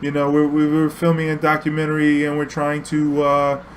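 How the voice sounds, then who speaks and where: A man's voice: fairly high pitch, monotone, moderate pace, a little hiss or hum, voice pushed up, natural voice. A man putting on the voice of a tired foreign male tourist who stammers and pleads for a ride. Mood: pleading.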